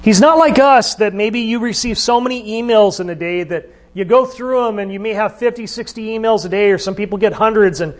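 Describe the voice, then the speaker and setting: A man's voice: high voice, fairly quick, few pauses. A man preaching a sermon, talking in a conversational way and asking the listeners questions. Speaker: pastor.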